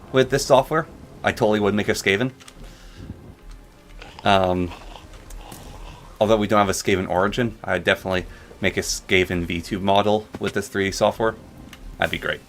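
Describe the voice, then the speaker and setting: A man's voice: lowish voice, fairly even intonation, moderate pace, pauses often, fairly bright tone, slight background noise. A man casually rambling and joking while narrating his gameplay. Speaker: gaming channel host.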